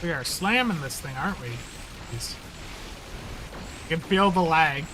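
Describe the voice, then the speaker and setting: High-voiced man hosting a casual stream. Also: lively intonation, unhurried, noisy background. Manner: easygoing, rambling with fillers. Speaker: game streamer host. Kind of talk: casual live-stream chat.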